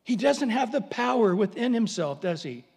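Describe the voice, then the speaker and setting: A man's voice: sits high, big pitch swings, normal speed, vocal fry, darkish tone, husky. A man preaching a sermon, telling vivid stories with dramatic swings and humorous asides. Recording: long hall reverb.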